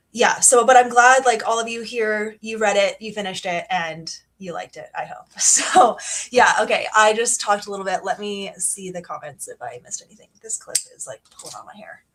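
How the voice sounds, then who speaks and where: A woman's voice: mid-range voice, fairly bright tone. A woman hosting a live book club stream, chatting casually and bubbly with lots of ums while greeting viewers by name. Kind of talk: casual livestream chat. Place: home, sunny region of Canada.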